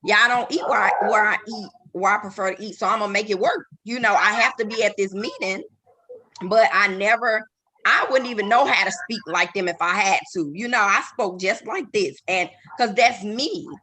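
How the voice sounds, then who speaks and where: A woman in her thirties on a casual live panel chat, animated and emphatic, often restarting her sentences. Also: mid-range voice, moderate pace, a little hiss or hum. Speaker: panel host.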